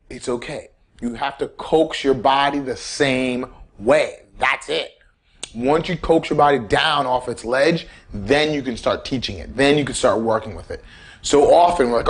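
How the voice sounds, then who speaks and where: Animated man coaching on pain self-care. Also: mid-range voice, husky. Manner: animated, repetitive coaching, acts out quoted inner voices. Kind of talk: casual instructional talk.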